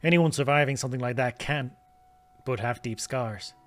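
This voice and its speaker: A man's voice: medium pitch, moderate pace, a bit bright, natural voice. A man voicing a grave Irish scholar in a game, reading steadily with an Irish accent. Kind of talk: reading game dialogue aloud.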